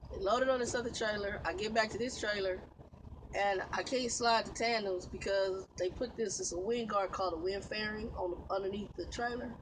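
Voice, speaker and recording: A woman's voice: medium pitch, a little hiss or hum, rough recording. A woman truck driver, telling a long story vlog-style, exasperated, swearing and laughing as she vents. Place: inside a truck.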